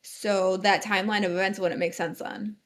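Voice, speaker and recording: A woman's voice: medium pitch, steady tone, moderate pace, fairly bright tone, a little hiss or hum. A woman co-hosting a podcast, sarcastic and teasing with crude banter. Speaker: podcast co-host. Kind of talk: casual crude commentary.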